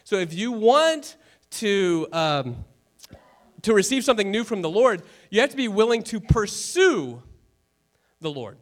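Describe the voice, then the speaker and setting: Man, pastor, high-pitched voice, conversational sermon, earnest, repeats phrases, casual asides to listeners. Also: big pitch swings, measured pace.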